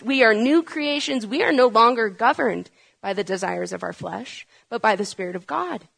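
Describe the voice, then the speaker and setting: A woman's voice: fairly high pitch, expressive, normal speed, vocal fry, a bit bright, breathy edge. A woman preaching a sermon, asking rhetorical questions and building to urgent, emphatic peaks.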